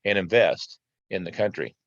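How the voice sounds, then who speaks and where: A man hosting a casual crypto video, talking over slides in a halting way with many fillers and restarts. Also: deep voice, no room sound. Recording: dull, slightly lo-fi dry sound.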